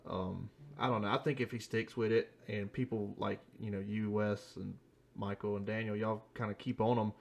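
A man in his thirties hosting a casual podcast, laid-back and rambling, laughing at his own jokes. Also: lowish voice. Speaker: podcast host.

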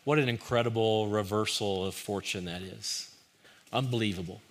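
A man preaching a sermon, earnest and direct, who rises to forceful emphasis and drops to a hushed, pleading tone. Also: on the low side, normal speed. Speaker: pastor.

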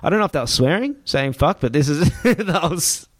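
In a highish, animated voice at normal speed, a guest tells a tense story in casual spoken form. The close recording is dry, and he curses constantly, restarting phrases as he vividly relives events.

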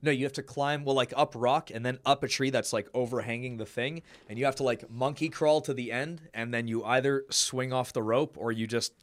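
A man's voice: medium pitch, fairly even intonation, a little fast, few pauses. Rambling young man telling stories. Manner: rambling storyteller, laughs loudly at his own jokes. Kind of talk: casual chat.

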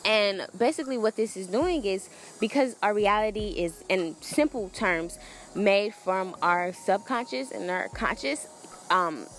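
A woman's voice: mid-range voice, slight background noise. A young woman hosting a solo podcast, talking in a casual, earnest and rambling way with many fillers and restarts. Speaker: podcast host.

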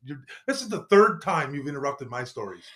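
A man's voice: on the high side, sing-song, fairly quick, a bit bright. A man from Canada co-hosting a podcast, bantering in a joking, self-mocking way. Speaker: podcast co-host.

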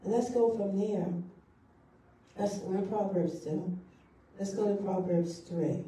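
A woman's voice: mid-range voice, a little slow, mellow, slight background noise. A woman pastor preaching a sermon, repeating key phrases for emphasis. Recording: echoey hall from far off.

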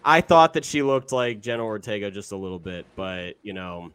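A man's voice: fairly low pitch, animated, moderate pace, a bit bright, smooth, no echo. A young man co-hosting a podcast, talking in a rambling, casual way with many fillers and some swearing. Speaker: podcast co-host. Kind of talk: casual chat.

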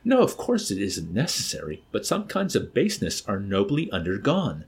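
A man's voice: on the low side, huge pitch swings, normal speed, breathy edge, full character voice. Man doing a rambling, lovestruck young man. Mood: pleading. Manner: incoherent, pleading, poetic rambling.

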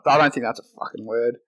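A man's voice: medium pitch, bright, forceful tone. A young Australian man co-hosting a podcast, chatting casually with plenty of swearing and laughter. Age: young adult. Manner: crude, laughing, swears a lot. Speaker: podcast co-host. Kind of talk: casual banter.

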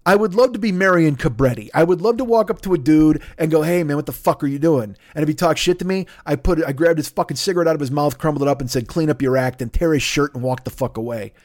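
A man's voice: a little high, fast talker, hardly any pauses. Blunt foul-mouthed man in his fifties. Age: 50s. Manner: blunt, heavy swearing, rambling restarts. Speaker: podcast host. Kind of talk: profane casual monologue.

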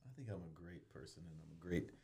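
A man's voice: deep voice, quick pace, vocal fry, mellow, breathy edge. Brash, teasing podcast host, a man. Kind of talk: casual chat.

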